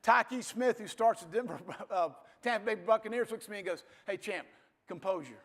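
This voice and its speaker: Man, 50s, high-pitched, football coach, folksy blunt storytelling, motivational speech, hall reverb. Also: a little fast, a bit bright.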